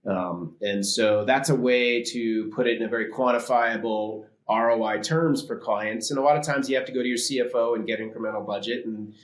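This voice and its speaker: A man's voice: mid-range voice, brisk, few pauses, roomy sound. A man speaking as a vendor guest on a live webinar, confident and salesy, with frequent fillers.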